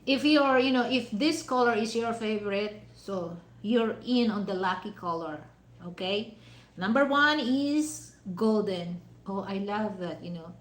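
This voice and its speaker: A woman's voice: medium pitch, measured pace, roomy sound, poor audio. A woman vlogger chatting casually over dinner, rambling and leaning on "you know" fillers with non-native phrasing.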